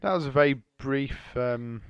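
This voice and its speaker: A man's voice: medium pitch, gravelly, highs cut off, slight background noise. A man co-hosting a podcast in casual chat, joking, teasing and laughing easily. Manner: jokey, teasing, quick to laugh. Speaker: podcast co-host.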